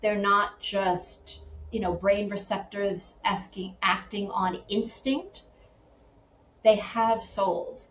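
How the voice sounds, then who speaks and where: A middle-aged woman from Connecticut, a podcast guest, telling stories in a lively, animated way, acting out quoted voices and laughing often. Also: mid-range voice. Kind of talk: casual interview storytelling. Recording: roomy, slightly dull sound, faint background hum.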